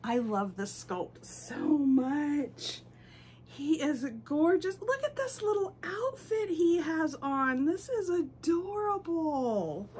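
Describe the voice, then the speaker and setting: A woman hosting her doll channel, who gushes with excitement and coos to her dolls. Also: high-pitched, slow pace, slight background noise. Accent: American. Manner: gushing, excitable, lots of "oh my goodness"; baby talk to her dolls. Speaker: reborn doll channel host. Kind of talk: unboxing vlog chat.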